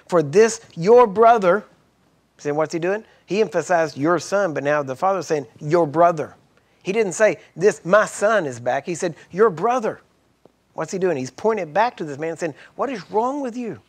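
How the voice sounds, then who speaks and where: A man with a slightly higher-than-usual voice preaches from scripture. He reads the old verses aloud, then stops to stress points to his audience in plain talk. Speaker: Bible teacher. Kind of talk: sermon teaching from scripture.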